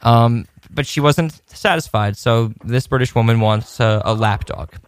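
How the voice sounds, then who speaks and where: A man's voice: mid-range voice, a little slow, smooth. Rambling man telling a story. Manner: rambling storyteller with many restarts and laughs. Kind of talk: casual podcast chat.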